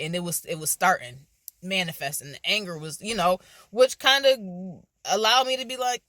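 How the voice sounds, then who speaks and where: A woman vlogger telling a personal faith story in casual, animated speech, acting out her own reactions. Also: fairly low pitch, moderate pace, no echo.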